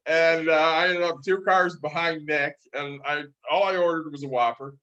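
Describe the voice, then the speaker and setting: Man telling a relaxed anecdote. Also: fairly high pitch, normal speed, lo-fi sound. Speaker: podcast co-host. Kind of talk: casual chat.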